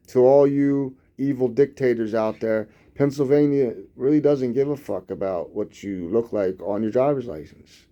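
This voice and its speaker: A man's voice: medium pitch, dark tone, dull audio. A man reading the news and riffing on it in a sarcastic, rambling, profane way. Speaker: host reading news with commentary. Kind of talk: casual news commentary.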